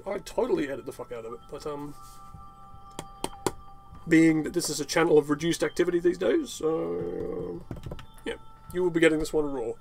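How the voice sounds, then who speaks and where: Guy ranting and swearing over his gameplay, voice a bit high, rambly, faint music behind. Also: gravelly, a little mellow. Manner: rambling, profane, ranting with laughs. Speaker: gaming channel host. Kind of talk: unedited gameplay commentary.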